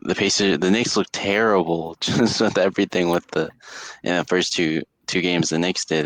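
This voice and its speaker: Young guy cohosting a sports pod, lowish voice, dry close sound, rambles a lot with ums and likes. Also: a bit bright, no echo. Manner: rambling, lots of fillers and restarts. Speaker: podcast co-host. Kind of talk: casual sports chat.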